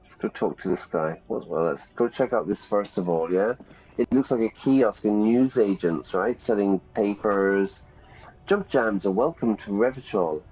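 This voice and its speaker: A man's voice: on the low side, measured pace, a little mellow, slightly rough. A man teaching English while playing a game, chatty, reading game text aloud and explaining words. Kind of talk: casual let's-play lesson. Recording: slightly dull sound.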